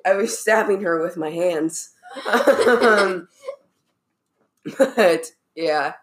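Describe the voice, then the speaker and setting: A woman's voice: on the low side, drawn-out words. A woman co-hosting a podcast from home, chatting casually with lots of filler words. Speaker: podcast co-host. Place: home in Illinois, on a couch. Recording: roomy echo.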